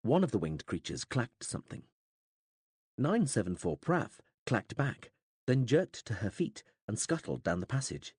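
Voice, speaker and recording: A man reading an audiobook aloud in dramatic, expressive scripted narration. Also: medium pitch, normal speed, breathy edge, dry recording, studio quality.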